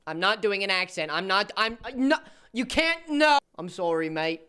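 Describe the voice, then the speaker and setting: A man's voice: high voice, expressive, normal speed, pushed and bright, smooth. A man voicing a flippant young British man, with a put-on British accent and a mocking tone. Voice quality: exaggerated, mocking.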